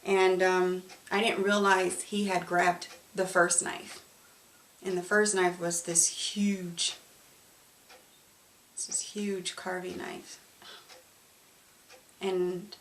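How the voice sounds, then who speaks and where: A woman giving a candid, emotional personal testimony, speaking haltingly with pauses and fillers. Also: fairly low pitch, creaky. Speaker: survivor telling her story. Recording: roomy, distant mic, faint noise.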